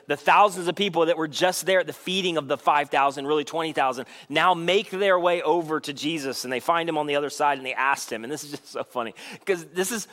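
A man preaching a sermon in a casual, conversational way, often saying "like" and acting out the voices he quotes. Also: pushed and bright. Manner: acts out quoted voices with shifts in pitch and pace. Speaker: pastor.

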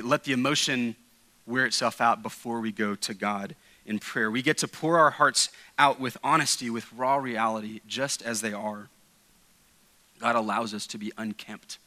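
A man's voice: medium pitch, sharp tone, low-quality recording. A man preaching a sermon in church, earnest and emphatic, often restarting and adding asides. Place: church sanctuary.

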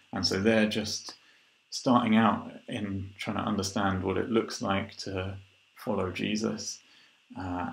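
A man giving an informal sermon. He reads scripture aloud and then explains it in a relaxed way, thinking aloud with frequent ums and restarts. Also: sits low, gravelly. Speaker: preacher. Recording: roomy echo.

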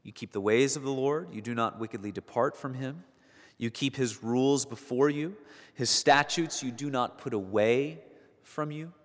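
Male pastor, mid-pitched, sermon delivery, earnest with emphatic peaks, long church reverb. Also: moderate pace. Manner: earnest, building to emphatic peaks on key points; repeats words while searching for phrasing. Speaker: preacher.

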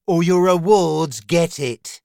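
A man's voice: on the high side, slow pace, vocal fry, darkish tone, clean tone, no room sound, studio quality, pitched above the performer's own voice. A man reading a storybook and voicing a bold male dog who is cheeky and pushy, with mock politeness. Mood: bossy.

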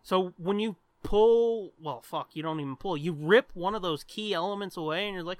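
A man co-hosting a podcast in casual chat, animated and rambling, swearing freely. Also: high-pitched, normal speed, hardly any pauses, dry recording. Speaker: podcast co-host.

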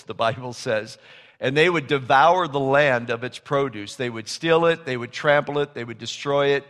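Conversational preacher in a reverberant hall. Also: male voice, on the high side, fairly bright tone. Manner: storytelling, conversational, acts out biblical dialogue. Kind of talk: sermon.

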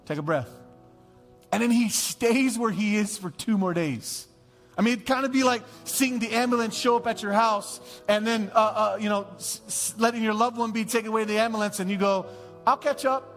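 A male pastor preaching a sermon, telling a Bible story in a lively, conversational way and acting out the scenes. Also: high voice, fairly quick. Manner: animated, conversational, acts out the scenes. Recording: long church-hall reverb, faint music.

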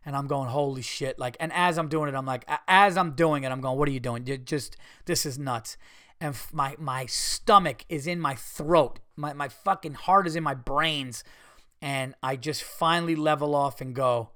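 A man hosting a podcast, telling a story in a casual, animated way, swearing freely and acting out what people said. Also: fairly high pitch, moderate pace, no room sound, studio quality. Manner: animated, profane, retells scenes with quoted voices. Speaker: podcast host.

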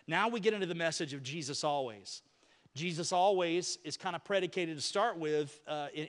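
Pastor guy preaching, kinda high voice, long echo in the church. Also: a bit bright. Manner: conversational, engages congregation. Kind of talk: sermon. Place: church sanctuary.

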